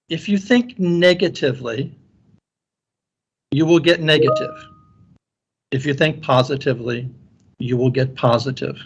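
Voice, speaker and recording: A man's voice: medium pitch, measured pace, long pauses, husky. A man lecturer giving an earnest conference keynote talk, often repeating words as he restarts his sentences. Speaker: guest speaker and university lecturer.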